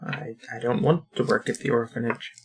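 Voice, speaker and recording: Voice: mid-range voice, fairly even intonation, a little fast, slightly rough, faint music behind. A person voicing a sullen, defiant young man in a tabletop role-play, curt and grumbling. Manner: curt, grumbling, dry humor.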